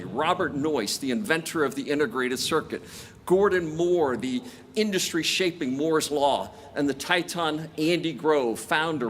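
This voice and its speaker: A man in his sixties addresses graduates at an outdoor commencement, his voice sitting a little high. He tells career stories with a dry, self-deprecating humor. A faint hiss of ambience hangs under the speech. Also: a bit bright. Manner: storytelling with self-deprecating jokes. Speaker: commencement speaker. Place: outdoor stadium ceremony.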